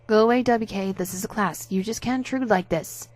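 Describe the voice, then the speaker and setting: A furious young woman student, played by the narrator, shouts at a classmate. Her voice climbs high and loud and drifts off the mic. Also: brisk, close to an everyday voice. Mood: annoyed. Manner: shouting angrily, far from the mic.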